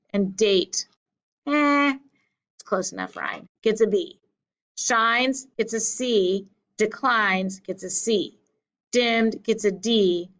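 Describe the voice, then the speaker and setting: A woman's voice: mid-range voice, a bit bright, poor audio. A woman teaching a class in a patient, repetitive way, counting out beats aloud. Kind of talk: classroom lecture.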